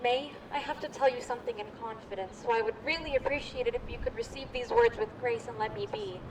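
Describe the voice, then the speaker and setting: A woman's voice: fairly high pitch, fast, natural voice. A woman playing a fiery, ranting 1920s chorus girl. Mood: confiding. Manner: dramatic, ranting, gossipy. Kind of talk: live street theatre. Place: outdoors on a street. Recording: outdoor street noise.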